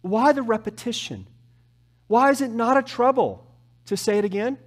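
A man preaching a sermon as pastor, with emphatic rises and soft, slow, drawn-out drops. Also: extremely high pitch. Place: church.

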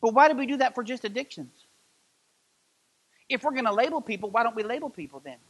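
A middle-aged man preaching a sermon as pastor of a church, impassioned and building to loud emphatic peaks. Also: very high voice, animated, fast talker, husky. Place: church sanctuary.

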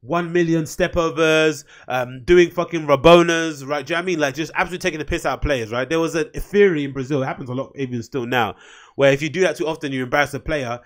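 A man hosting a solo podcast, talking in a loose, rambling way with frequent swearing. His voice sits a little above the usual male range, and he flares up into heated outbursts. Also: a little high. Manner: blunt, profane, rambling, heated. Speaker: podcast host. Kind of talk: casual solo rant.

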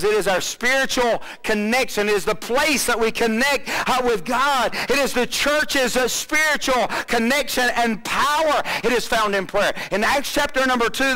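Preacher guy, kinda high voice, asks the crowd questions, gets loud then drops real low. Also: low-quality recording. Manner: preaching with rising and falling intensity, many rhetorical questions. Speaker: pastor. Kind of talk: sermon.

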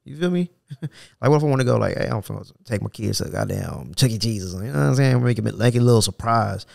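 Here the solo podcast host is a young adult man speaking with an African American Vernacular English accent, his talk loose, profane and rambling, peppered with "you know what I'm saying." He sounds on the low side and expressive, moving at a quick pace with vocal fry and a darkish tone. The recording is dry and studio quality.

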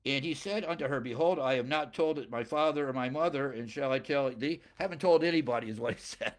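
Animated preacher man, chuckling asides. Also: medium pitch, quick pace, few pauses. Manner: conversational, with chuckling asides and personal anecdotes; reads scripture aloud, then paraphrases it in plain speech. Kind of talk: expository Bible sermon.

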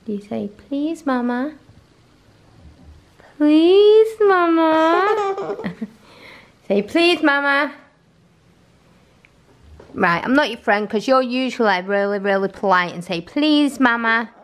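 Chatty mum, higher voice. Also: female voice, animated, a little slow, pauses often, a bit bright, a little hiss or hum. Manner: chatty, coaxing and teasing with her toddler. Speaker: family vlogger. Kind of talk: casual home vlog chat. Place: family home, indoors.

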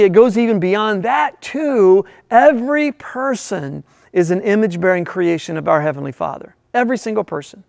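A man's voice: high voice, vocal fry, no room sound, studio quality. A male pastor preaching a sermon in a church, emphatic and full of rhetorical questions.

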